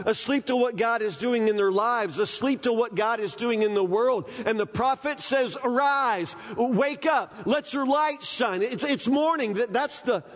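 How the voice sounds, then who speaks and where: A man, preaching a sermon with folksy, animated storytelling. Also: very high voice, normal speed, hardly any pauses, in a large hall. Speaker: pastor.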